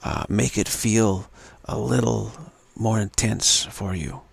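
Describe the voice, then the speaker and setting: A man giving a slow, halting spiritual talk with many fillers and repeated words, recorded live. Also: on the low side, creaky, breathy edge. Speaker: spiritual teacher.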